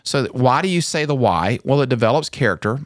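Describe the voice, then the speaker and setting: A man hosting a podcast, chatting casually and acting out quoted lines with lively jumps in his voice. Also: fast, no room sound, studio quality. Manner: animated storyteller, acts out quotes with pitch jumps. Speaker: podcast host.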